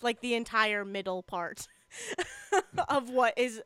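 A woman's voice: on the high side, sing-song, takes it slowly, a bit bright, smooth, no room sound. A young woman co-hosting a podcast in casual chat, bubbly, with lots of fillers. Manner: bubbly, filler-heavy, giggly. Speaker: podcast co-host.

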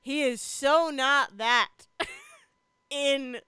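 A young woman chatting casually on a podcast, talkative and quick to laugh, with many fillers. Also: sits high, bright, forceful tone, no room sound. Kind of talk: casual chat about TV shows.

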